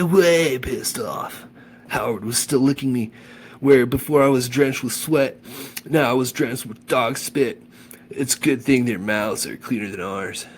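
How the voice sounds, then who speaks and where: A man reading a children's novel aloud with animated enthusiasm, then chatting about the chapter. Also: medium pitch, breathy edge. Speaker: audiobook reader.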